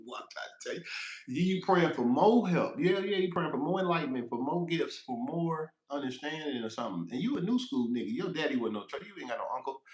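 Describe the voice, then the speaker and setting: A man's voice: a little high, reverberant. A man who drives trucks, telling a rambling, profane road story on a casual livestream, laughing as he goes.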